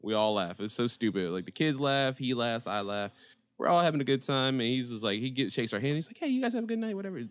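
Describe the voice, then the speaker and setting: A man in a casual conversation, telling stories in an animated way. His voice sits at a middle pitch. He laughs often and puts on quick voices for other people in the story. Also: clear, resonant tone, no echo. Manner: animated, laughing, acts out quotes. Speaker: podcast co-host, former game store worker.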